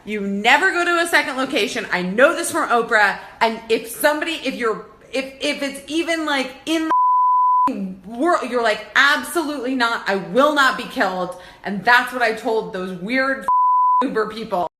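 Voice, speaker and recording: A woman in her thirties telling a story to her phone, excitable and breathless, often breaking into shrieks and laughter. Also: on the high side, moderate pace, heavy background noise. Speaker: vlogger. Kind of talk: rambling Instagram story.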